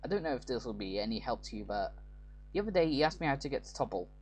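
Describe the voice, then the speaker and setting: Game read: a kind old grandmother, voiced by a man, gentle tone. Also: medium pitch, big pitch swings, fast talker. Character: kindly old village granny.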